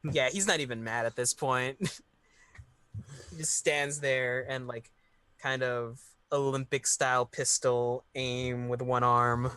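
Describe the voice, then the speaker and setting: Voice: mid-range voice, fairly even intonation, slow, a bit bright, clean tone, no echo. A player in a tabletop game, chatting casually about what their character does. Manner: giggly, describes actions in chatty fragments.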